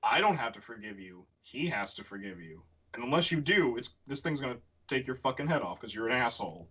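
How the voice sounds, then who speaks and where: A man telling a story as a stream guest, excitable, repeating words and slurring when worked up. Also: medium pitch, fairly quick, husky, muffled recording. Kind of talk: casual storytelling on a livestream.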